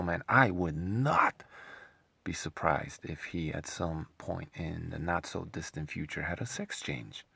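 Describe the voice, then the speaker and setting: A man's voice: low voice, unhurried, creaky, sharp tone, breathy edge, dry recording. A man hosting an opinionated commentary monologue, sarcastic and scornful, often rambling and repeating himself. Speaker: commentary channel host.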